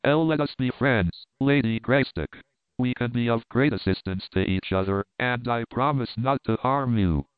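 A cruel, leering German officer speaks in a mocking, wheedling tone, voiced by a man. The voice is smooth and clean, but it sounds thin and boxed in, like a phone line, with no room around it. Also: medium pitch, normal speed, no echo, lightly acted. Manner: mocking, hollow laughter, wheedling. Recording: dry, tinny phone-like sound.

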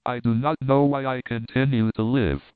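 A man's voice: medium pitch, fairly even intonation, moderate pace, clear, resonant tone, dry recording, narrow, tinny audio, lightly acted. A man voicing a haggard, despairing officer, speaking gloomily. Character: haggard, desperate, gloomy German officer, male.

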